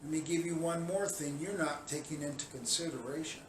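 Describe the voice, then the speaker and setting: A man from Chicago giving a scolding, sarcastic monologue that often climbs into shouting. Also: a little high, brisk, slight background noise. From Chicago, USA. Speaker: video commentator. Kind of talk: heated monologue rant. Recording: roomy sound, distant mic, faint ambience.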